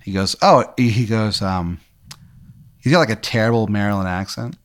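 A man's voice: lowish voice, moderate pace. A man hosting a podcast, telling an improvised, rambling scenario to his guest and swearing casually as he goes. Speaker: podcast host. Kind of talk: improvised storytelling.

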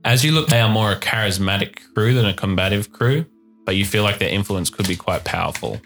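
A man's voice: on the low side, a little fast, a bit bright, faint music behind. A man narrating as game master in a tabletop game, describing scenes at length with fillers.

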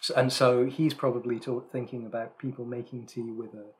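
A man chats casually as a podcast co-host. He is talkative and self-deprecating, often restarting his sentences and filling pauses with ums. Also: medium pitch, flat delivery. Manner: chatty, self-deprecating, frequent restarts and fillers.

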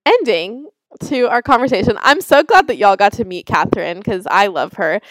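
A woman's voice: medium pitch, expressive, normal speed, no echo, low-quality recording. Chatty young woman, dry sound. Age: young adult. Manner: chatty, lots of "like" fillers. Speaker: podcast host. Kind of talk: casual chat.

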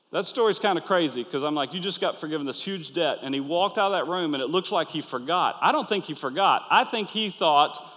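A pastor preaching an earnest, animated sermon to his listeners, acting out the quoted lines. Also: on the high side. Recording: long hall reverb.

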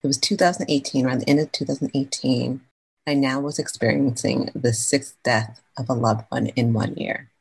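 Woman, podcast guest, from California, deep-toned, breathy, chatty storyteller. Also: normal speed, rough recording. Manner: chatty, slangy, animated storyteller. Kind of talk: casual interview storytelling.

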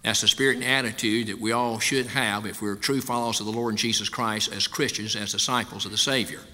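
A man's voice: fairly low pitch, steady tone, brisk, sharp tone. A man, a pastor, giving a sermon in a folksy, conversational way, recorded in a church sanctuary. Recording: long hall reverb.

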